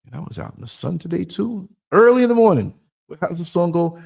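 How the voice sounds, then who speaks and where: A man's voice: sits high, expressive, fast, vocal fry, a little mellow, breathy edge. Chatty man hosting a livestream. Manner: chatty, laughs often, reads out chat comments. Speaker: podcast host. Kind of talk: casual livestream talk.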